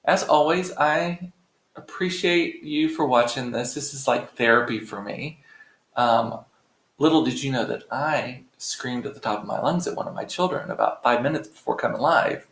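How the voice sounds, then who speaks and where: A man's voice: mid-range voice, moderate pace, gravelly, a bit bright. A middle-aged man hosting a live stream, chatting casually and rambling to his viewers with playful swearing. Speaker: livestream host. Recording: roomy echo.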